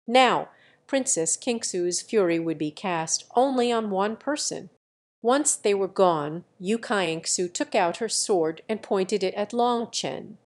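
A woman narrating a translated fantasy novel in a steady, even reading style. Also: mid-range voice, slow pace. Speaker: audiobook narrator.

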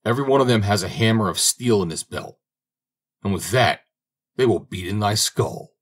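A man's voice: on the low side, animated, normal speed. A man voicing a brave young drummer who speaks with confident, boastful assurance in a fairy-tale audiobook. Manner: confident, boastful, slightly raised voice. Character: brave young male drummer, bold and fearless. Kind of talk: audiobook character reading.

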